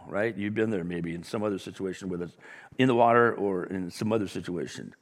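Male pastor, sermon, low voice, lively storytelling asides, long church reverb. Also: brisk. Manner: conversational, animated storytelling with asides to the congregation.

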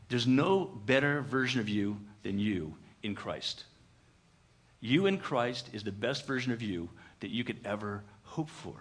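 A pastor delivering a conversational sermon in church, animated and full of "uh" fillers. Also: male voice, mid-range voice, a little slow.

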